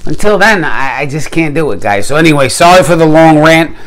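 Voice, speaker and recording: A man's voice: on the high side, lively intonation, a little fast, fairly bright tone. A man hosting his own gear channel, talking casually and animatedly to camera, venting in a rant and then showing off knives with slangy enthusiasm. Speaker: YouTube gear channel host.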